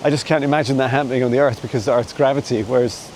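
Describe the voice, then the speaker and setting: A man of middle pitch chats while strolling through a forest with a dog, speaking into a handheld phone camera. His talk wanders along with easy laughs. A faint stream runs behind him. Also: steady tone, racing, slight background noise, poor audio. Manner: chatty and meandering, with frequent soft laughs. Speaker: psychic mentor answering viewer questions. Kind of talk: casual walking vlog. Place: forest outdoors. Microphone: handheld phone camera while walking a dog.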